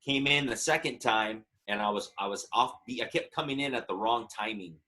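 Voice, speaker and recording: Chatty man in his thirties, low voice. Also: moderate pace, pushed and bright. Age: 30s. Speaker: musician guest. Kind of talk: casual interview storytelling.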